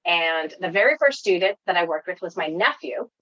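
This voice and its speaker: A woman's voice: lowish voice, animated, a little fast, pushed and bright, dry recording, dull audio. A woman with a Wisconsin accent, chatting as a guest on a casual interview and talking about her tutoring work in an upbeat, talkative way. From United States. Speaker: guest, online tutoring coach.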